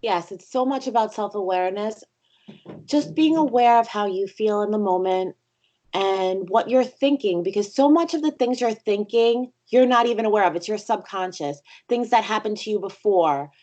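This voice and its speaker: A woman's voice: mid-range voice, moderate pace, dark tone, highs cut off. A young adult woman speaking earnestly and reflectively as a podcast guest, encouraging listeners in casual conversation.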